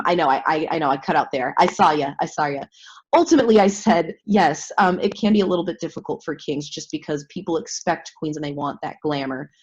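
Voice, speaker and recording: A woman who performs as a drag king, chatting casually as a guest, hesitant and laughing often. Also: low-pitched. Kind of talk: casual chat. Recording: muffled lo-fi audio.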